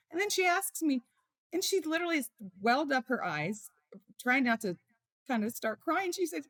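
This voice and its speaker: A middle-aged woman, a mother and author, telling heartfelt stories in an interview with animated feeling. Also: sits high, unhurried, dry recording, studio quality. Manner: emotional, animated storytelling. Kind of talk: conversational interview storytelling.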